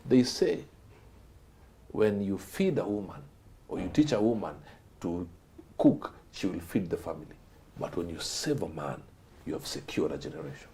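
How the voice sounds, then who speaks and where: A man, a guest telling motivational stories with a dramatic delivery that swings from loud to hushed. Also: low-pitched, lively intonation, moderate pace, creaky, long pauses, a little hiss or hum. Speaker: guest speaker. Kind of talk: motivational storytelling.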